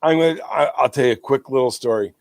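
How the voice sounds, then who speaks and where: A man co-hosting a casual podcast, telling stories with animated, laughing energy. His voice sits in the middle of the male range and is recorded dry and close on a podcast mic. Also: medium pitch, fast talker, no room sound. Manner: animated storyteller who laughs while retelling. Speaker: podcast co-host. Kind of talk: casual chat. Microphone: podcast microphone.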